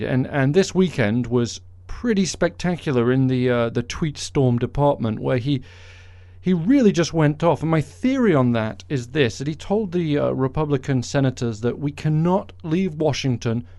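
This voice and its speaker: A man's voice: medium pitch, darkish tone, dry recording. A man hosting a podcast, delivering a sarcastic, mocking political monologue. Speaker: podcast host.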